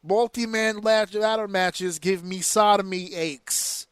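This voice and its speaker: Male podcast co-host, higher-pitched, animated and foul-mouthed, dry close sound. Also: slow pace, smooth, no room sound. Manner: animated, profane, rants excitedly. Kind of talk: casual wrestling podcast chat.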